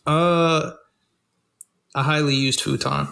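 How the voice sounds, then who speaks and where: A man's voice: on the high side, steady tone, takes it slowly, gravelly, bright, forceful tone. A man co-hosting a casual movie review podcast, giving brief, hesitant, clipped answers. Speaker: podcast co-host.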